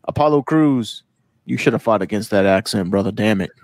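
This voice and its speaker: A man's voice: fairly low pitch, a little fast. Blunt, ranting podcast guy. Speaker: podcast co-host. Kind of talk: casual wrestling podcast chat.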